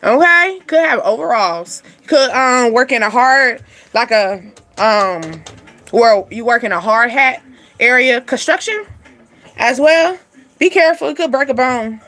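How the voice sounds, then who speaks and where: High-voiced woman giving a chatty reading. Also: a little slow. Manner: animated, chatty, laughs often, slangy. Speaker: spiritual reading channel host. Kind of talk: casual spiritual card reading.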